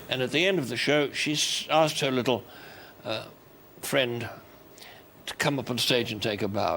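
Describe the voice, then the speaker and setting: A man's voice: medium pitch, a bit bright. An older Australian man telling wry stories as a guest on a chat show. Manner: wry, unhurried storytelling. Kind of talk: anecdotal chat show talk. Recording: noisy television studio.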